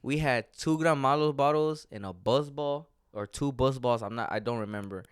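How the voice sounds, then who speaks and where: A young man with a smooth, clean voice tells stories on a podcast, joking and laughing between the details. The sound is dry and close, with no room around it. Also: medium pitch, moderate pace, no echo. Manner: joking, laughs often, storytelling. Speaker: podcast co-host. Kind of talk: casual chat.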